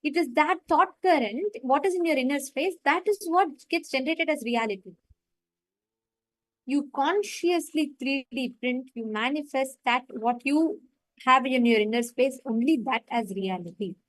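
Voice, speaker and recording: A woman's voice: high-pitched, normal speed, dry recording, rough recording. A woman facilitating a live online meditation session, retelling a story and stressing her points.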